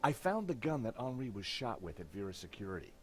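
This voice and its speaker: A man's voice: fairly low pitch, big pitch swings, quick pace, faint music behind. An actor voicing a confident, wry adult male investigator in a video game.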